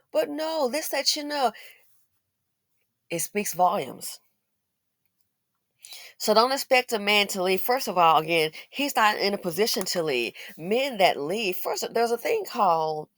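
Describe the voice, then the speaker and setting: A woman's voice: medium pitch, no echo, studio quality. A woman giving blunt, sarcastic opinion commentary as a channel host, scolding and mocking as she talks.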